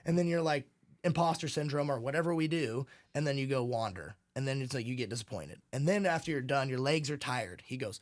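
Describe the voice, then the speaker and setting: A man's voice: mid-range voice, a little fast. A young man, a podcast guest, telling stories casually, swearing and acting out quoted voices. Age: young adult. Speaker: podcast guest, real estate team leader. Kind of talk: casual conversational storytelling.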